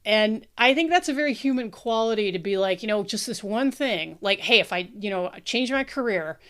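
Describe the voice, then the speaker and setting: American woman, podcast co-host, clear smooth voice, frank and sweary in casual chat. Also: medium pitch, animated, moderate pace, fairly bright tone. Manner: frank and blunt, swears freely.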